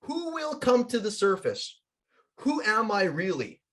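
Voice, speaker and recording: An energetic, emphatic man on a podcast, his voice a bit high and swinging widely in pitch. He tells stories and makes his points with vivid, animated emphasis. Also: unhurried. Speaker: podcast guest and coach. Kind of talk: animated storytelling and plugs.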